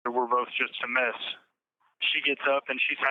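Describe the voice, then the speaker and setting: A man tells his story over a tinny phone line, his voice smooth and clear but held to a flat, even tone. He talks haltingly, restarting and repeating his words as he confesses. The sound is dry and thin. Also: mid-range voice. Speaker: interviewee, incarcerated man. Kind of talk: emotional personal account.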